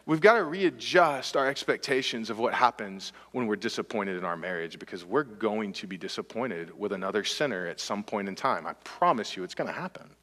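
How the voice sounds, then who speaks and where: Animated pastor preaching in an echoey hall. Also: male voice, fairly low pitch, a little fast, few pauses. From Texas. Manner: animated, swinging from loud and impassioned to quiet and earnest. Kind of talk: sermon. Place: church sanctuary.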